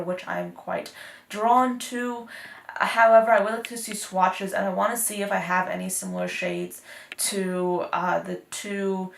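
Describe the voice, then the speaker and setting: An upbeat eighteen-year-old woman from North Texas chats casually through an anti-haul beauty vlog, using lots of fillers. Her mid-range voice has vocal fry, and the recording sounds roomy with slight background noise.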